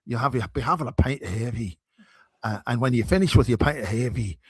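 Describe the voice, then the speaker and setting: A man's voice: mid-range voice, fast, breathy edge, no room sound, close to an everyday voice. A man voicing a boozy Scottish pub-goer in a mock Scottish accent, teasing and repetitive. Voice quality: teasing, sing-song repetition.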